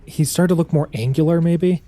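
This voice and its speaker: A man's voice: on the high side, fairly quick, mellow, dry recording. A man running a tabletop game as dungeon master, narrating in a casual, loose way.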